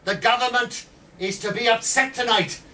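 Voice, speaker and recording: Scheming male plotter, high and loud, pushing weapons on people, as a storyteller puts him on; distant mic, faint room hum. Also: steady tone, moderate pace. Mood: conspiratorial.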